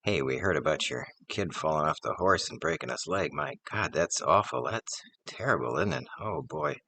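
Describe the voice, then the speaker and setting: A man's voice: a bass voice, expressive, moderate pace, creaky, sharp tone, dry recording, heavily acted. A man voicing dramatic, gossipy village neighbors who exclaim over news. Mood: dismayed.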